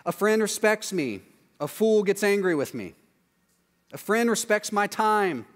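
A man preaching a sermon in a conversational way, often adding quick "right?" asides. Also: sits high, big pitch swings, big-room sound. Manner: conversational, acts out quoted voices, frequent "right?" asides. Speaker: pastor.

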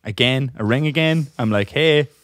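This clean, dry studio clip features a young man's voice pitched on the low side and moving a little fast. Co-hosting a podcast, he spins a long, meandering story, cursing often and chuckling as he talks.

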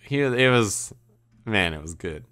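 A man's voice: lowish voice, expressive, unhurried, fairly bright tone, smooth. A man streaming, telling a rambling, laughing story in casual chat, full of "like" and restarts. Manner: rambling, laughing, heavy use of "like".

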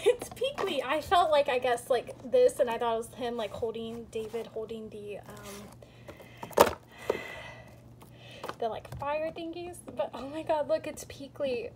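High-voiced woman gushing over toys. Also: measured pace, noisy background. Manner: gushing, squealing with excitement at each reveal. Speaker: toy unboxing vlogger. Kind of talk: casual unboxing chat.

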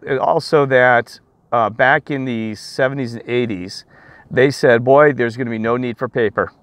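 A man's voice: mid-range voice, no echo. A man ranting outdoors to his viewers in a rambling, preachy, emphatic way. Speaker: vlogger. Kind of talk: rambling rant to camera.

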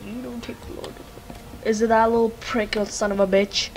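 A woman's voice: on the high side, level tone, normal speed. A young woman with a Lithuanian accent, a native Lithuanian speaker doing let's-play commentary, laughing, swearing and joking at the screen. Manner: loud, giggly, cursing, joking at the screen. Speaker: gamer.

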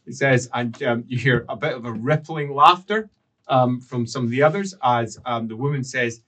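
A man narrating a tabletop game as game master, unhurried with frequent fillers. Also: mid-range voice, a bit bright.

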